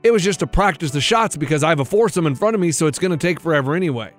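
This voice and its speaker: A man's voice: a little high, animated, very fast, soft background music. A man co-hosting a radio show, telling a story in casual chat and acting out the other people in it. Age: middle-aged.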